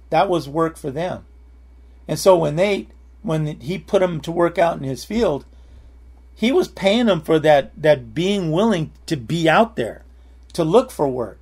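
A man's voice: on the high side, a little mellow. A man preaching a sermon in a conversational way, often saying "you know" and repeating words as he goes.

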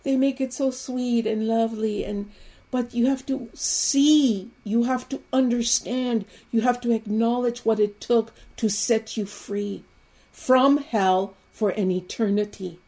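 A woman preaching an Easter sermon with fervent, emphatic repetition that builds to loud exclamations. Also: on the high side, steady tone, measured pace.

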